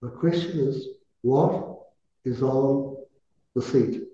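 Dark-voiced man leading chanted meditation. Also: mid-range voice. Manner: measured, softly intoning recited syllables. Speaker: meditation teacher. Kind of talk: guided visualization with mantra chanting. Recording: echoey, dull lo-fi room recording.

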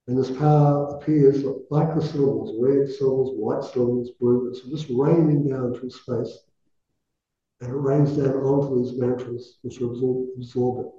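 A man guides a meditation in a deep, mellow, very dark voice, intoning mantra syllables in a slow, measured way. The sound is dull and lo-fi, with a heavy echo from a roomy space. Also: fairly even intonation. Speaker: meditation teacher. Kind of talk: guided visualization with mantra chanting. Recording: echoey, dull lo-fi room recording.

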